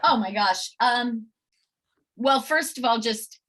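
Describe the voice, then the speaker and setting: Middle-aged actress, high voice, animated. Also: female voice, takes it slowly. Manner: animated storyteller, lots of "like". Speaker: actress guest. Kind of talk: casual interview anecdotes.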